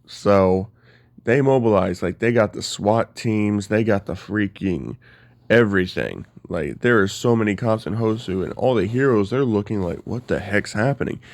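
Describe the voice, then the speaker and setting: Low-voiced man casually retelling a story. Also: animated, moderate pace, dry recording. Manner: casual, rambling, filler-heavy.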